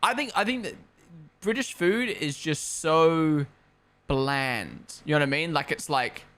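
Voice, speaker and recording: A man's voice: on the high side, unhurried, fairly bright tone. A young man from Australia and New Zealand, chatting casually on a live stream into a headset, rambling and opinionated, swearing freely. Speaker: streamer hosting a race watchalong. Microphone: gaming headset.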